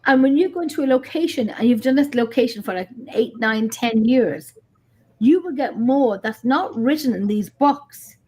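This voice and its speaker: Husky animated woman telling stories. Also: fairly high pitch, normal speed. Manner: animated storyteller, swears, acts out dialogue. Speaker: paranormal investigator. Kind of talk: casual chat.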